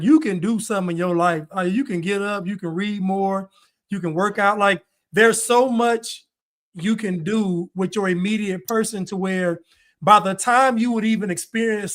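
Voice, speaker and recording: High-voiced blunt man hosting a podcast. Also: a bit bright. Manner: blunt, emphatic, laughs often. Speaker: podcast host. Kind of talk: casual chat.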